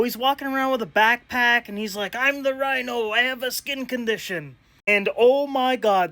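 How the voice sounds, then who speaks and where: A young man giving a casual, animated movie review, exasperated and rambling with fillers. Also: high voice.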